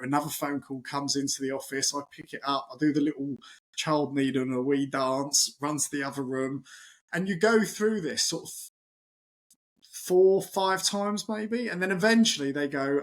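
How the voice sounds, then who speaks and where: A man in his forties, a chef, chatting as a podcast guest and telling lively anecdotes, acting out the voices of people in his stories. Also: on the high side, moderate pace. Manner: animated anecdotal storytelling, acts out quoted voices. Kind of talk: casual interview chat.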